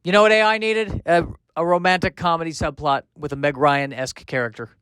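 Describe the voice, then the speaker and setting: A man's voice: a little high, steady tone, fairly quick, a bit bright, smooth, no echo, studio quality. A man hosting a solo comedy podcast, rambling through tangents with lots of fillers. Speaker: podcast host.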